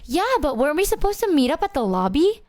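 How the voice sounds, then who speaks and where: A woman voicing her airheaded, cheerful young woman friend in a breezy, higher voice. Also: sing-song, fast talker, darkish tone, no echo, clean studio sound. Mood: airy.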